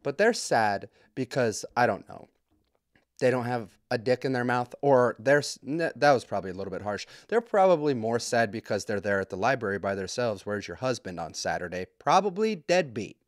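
A man's voice: mid-range voice, big pitch swings, dry recording. Profane joking man, dry close sound. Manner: profane, rambling and joking, with quick asides. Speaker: podcast host. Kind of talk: comedic storytelling.

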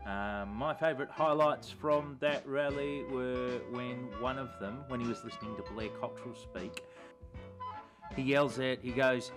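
A man's voice: medium pitch, a little slow, over music. Sardonic, profane Australian man. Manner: sardonic, profane, deadpan jokes. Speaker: activist vlogger and host. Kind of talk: comic year-in-review monologue.

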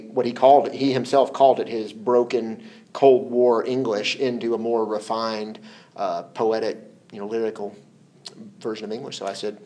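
A man as an interview guest, telling stories in a relaxed, hesitant way, repeating words and laughing often. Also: on the low side, moderate pace. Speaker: interview guest, former translation collaborator. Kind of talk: relaxed conversational storytelling.

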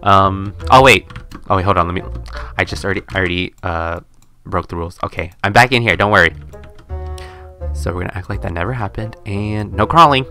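A young man giving casual, excitable commentary while playing a game, often gasping and squealing when startled. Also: low voice, a little fast. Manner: chatty, excitable, gasps and squeals when scared. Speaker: gaming YouTuber. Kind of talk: casual let's-play commentary. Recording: faint game music behind.

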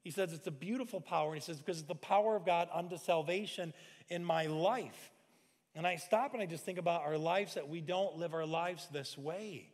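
A pastor in his forties delivers a lively sermon with a slightly raised voice. He acts out little scenes and sometimes bursts into shouted lines. His voice rings with the long reverb of a large church hall. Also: fairly high pitch, fairly quick. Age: 40s.

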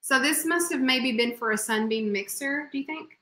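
A woman's voice: sits high, moderate pace, bright, forceful tone, echoey room. A woman co-hosting a live vintage reselling stream, chatting casually as she shows thrift finds. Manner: chatty, showing items. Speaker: co-host of a live reselling show.

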